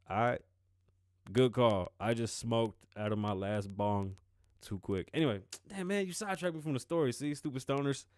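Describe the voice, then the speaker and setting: A man's voice: mid-range voice, moderate pace, no room sound. A man from the Bronx with a Bronx New York accent, hosting a podcast in a loose, rambling monologue, laughing and swearing often, recorded close to the mic. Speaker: podcast host. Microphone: close-up microphone.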